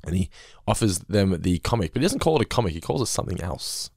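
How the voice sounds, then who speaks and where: A man's voice: low voice, big pitch swings, quick pace, vocal fry, darkish tone, no echo, clean studio sound. A man co-hosting a casual episode-review podcast, recapping scenes and acting out quoted lines. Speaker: podcast co-host.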